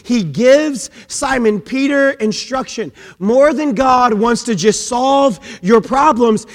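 A man preaching a sermon as pastor, swinging between loud emphatic peaks and hushed low passages, often saying "man". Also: animated, slow pace, few pauses, in a large hall. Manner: repeats "man" as a filler.

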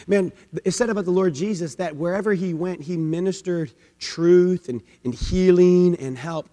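Pastor, male, very high voice, dynamic swings from loud to hushed, long hall reverb. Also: normal speed, few pauses. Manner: swings between loud emphatic peaks and hushed low passages; repeats "man" as a filler. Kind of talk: sermon.

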